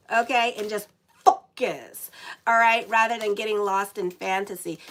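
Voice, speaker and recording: A woman's voice: medium pitch, bright, forceful tone, a little hiss or hum, low-quality recording. A woman astrologer giving a casual horoscope reading while sick, chatty and swearing in asides. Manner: chatty, swears and laughs at her own asides. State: sick, dry lips.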